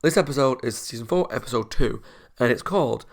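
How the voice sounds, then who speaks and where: A man's voice: medium pitch, expressive, rapid-fire, vocal fry. A young man, hosting a reaction video in earnest, rambling casual chat and laughing often.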